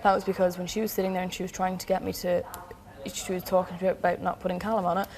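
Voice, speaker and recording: Fast-talking woman retelling an argument. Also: lowish voice, flat delivery, crowd noise. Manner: rapid, retelling with quoted dialogue. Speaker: reality show contestant. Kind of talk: heated casual chat. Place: house living area, indoors.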